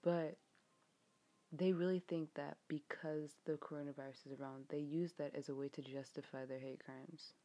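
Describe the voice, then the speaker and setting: A young American woman ranting in a frustrated, exasperated way, swearing often, her voice getting a bit hoarse. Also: deep voice, fairly even intonation, normal speed, mellow. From United States. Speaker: vlogger. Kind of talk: rant vlog.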